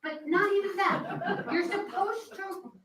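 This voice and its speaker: A woman's voice: very high-pitched, steady tone, slow, fairly bright tone, a little hiss or hum. A woman speaking during public comment at a town board meeting, earnest and growing heated as she presses her point. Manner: earnest, grows heated and emphatic. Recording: echoey hall, voice from far off.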